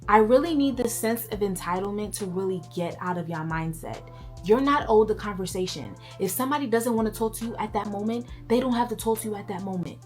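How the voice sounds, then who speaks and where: A woman delivering a firm, indignant commentary, speaking deliberately. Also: mid-range voice, darkish tone, soft background music. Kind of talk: scripted commentary monologue.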